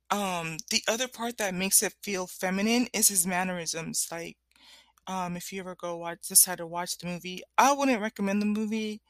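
Animated, laughing woman vlogger. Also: medium pitch, no room sound. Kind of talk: casual chat.

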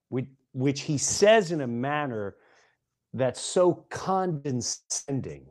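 A middle-aged man hosting a podcast, delivering an impassioned monologue and hammering single words with long pauses between them. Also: medium pitch, very animated, a little mellow. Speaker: podcast host.

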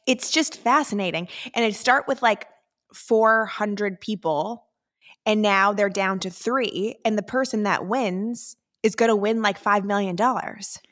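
A woman co-hosting a podcast who works as a fitness instructor, chatting casually with quick, teasing interjections. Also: medium pitch, a bit bright. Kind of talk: casual chat.

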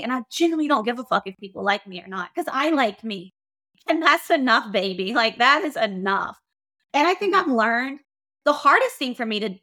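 A woman's voice: a little high, fairly bright tone. A woman hosting a podcast, talking frankly and bluntly, swearing freely. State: emotional. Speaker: podcast host. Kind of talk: casual podcast monologue.

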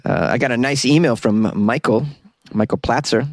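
A man's voice: medium pitch, moderate pace, no room sound. Man, podcast host, comedic news commentary, wisecracking, chuckling, dry close recording.

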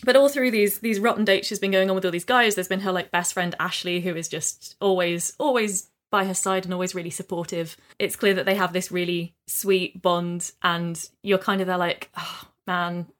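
A woman's voice: fairly low pitch, steady tone, normal speed, hardly any pauses. A woman co-hosting a casual podcast, retelling a game story with enthusiasm and many fillers. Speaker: podcast co-host.

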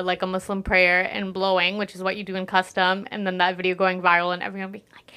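Woman cohosting a podcast, chatty and gushy, middle pitch. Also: clear, resonant tone. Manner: animated, gushing, swings into mock-quoting voices. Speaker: podcast co-host. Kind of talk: casual chat.

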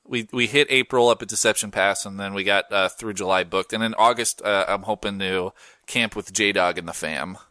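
A man's voice: moderate pace, no echo, clean studio sound. A man hosting a podcast in casual chat, laid-back and slangy. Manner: laid-back, slangy, swings up in pitch when excited. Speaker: podcast host.

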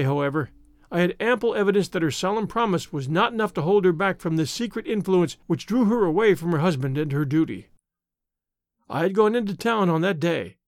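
A man narrating a story in the first person with an expressive, theatrical delivery. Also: high voice, no room sound, clean studio sound. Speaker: audiobook narrator.

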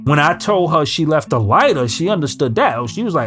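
A man's voice: fairly high pitch, big pitch swings, brisk, a bit bright. A man giving blunt, emphatic recovery advice in casual street slang. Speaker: recovery speaker. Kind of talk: casual motivational talk. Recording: music in background. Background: guitar music.

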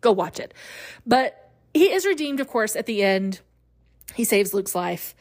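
A woman's voice: on the high side, unhurried. Chatty woman podcast host. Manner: chatty, animated, laughs often. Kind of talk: casual solo podcast chat.

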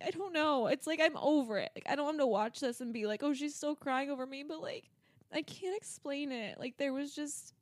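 Young woman w a high voice crying through a confession, dry close sound. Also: no room sound. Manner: tearful, confessional, filler-heavy. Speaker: podcast co-host. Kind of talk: casual chat.

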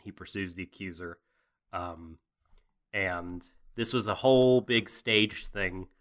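A man's voice: deep voice, slow, fairly bright tone. A man co-hosting a casual anime recap, jokey, profane and rambling. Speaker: podcast co-host.

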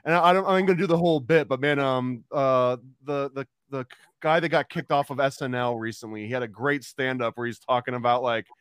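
A man's voice: mid-range voice, fairly even intonation, fairly quick, hardly any pauses, fairly bright tone, clear, resonant tone, dry recording, clean studio sound. A man from the United States hosting a casual podcast, rambling along with lots of filler words. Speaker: podcast host.

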